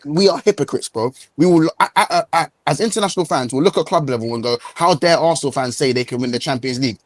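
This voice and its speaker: Fast-ranting man, dry sound. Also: a little high, no room sound. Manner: ranting, repetitive, slangy. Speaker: football podcast co-host. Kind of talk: heated casual chat.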